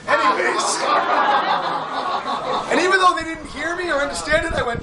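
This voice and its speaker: A man's voice: very high-pitched, animated, unhurried, pauses often. A man performing a whip-cracking act live, rambling and teasing the crowd with jokes. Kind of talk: live comedic stage patter. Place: large hall with a live audience. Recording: echoey, distant, crowd noise.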